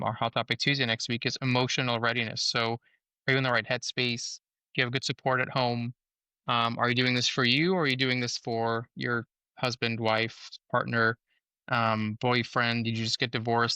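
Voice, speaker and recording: A man's voice: medium pitch, sharp tone, clean tone, no echo. A man, a surgeon guest on a podcast, explaining things in a patient, educational way.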